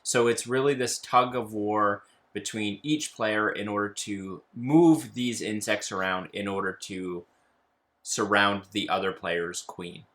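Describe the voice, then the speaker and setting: A man's voice: lowish voice, a little slow, fairly bright tone. A man co-hosting a casual board game chat, easygoing and curious as he explains games. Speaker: board game channel co-host.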